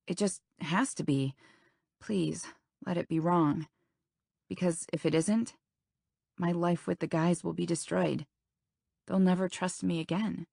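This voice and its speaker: A woman's voice: lowish voice, steady tone, measured pace, vocal fry, long pauses, a little mellow, no echo, studio quality. A young woman narrating a first-person romance audiobook in an intimate, anxious telling. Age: young adult.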